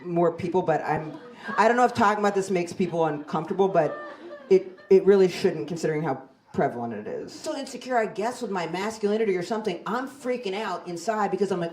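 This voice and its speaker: A woman's voice: mid-range voice, lively intonation, fast talker, darkish tone. A woman in her forties doing a stand-up comedy set on a club stage, telling stories in a wry, self-deprecating, conversational way into a handheld mic. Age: 40s.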